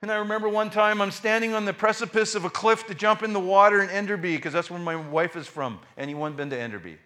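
With a voice that sits high and a fast delivery, a middle-aged preacher tells his sermon as a casual story loaded with fillers. He's animated throughout, mimicking the voices of his family.

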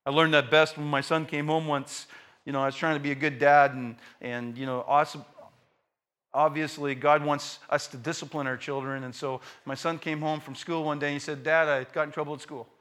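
A middle-aged male pastor preaches a sermon built on personal stories, tossing in joking asides and swinging between loud and soft. His voice is fairly high pitched, his delivery flat and brisk.

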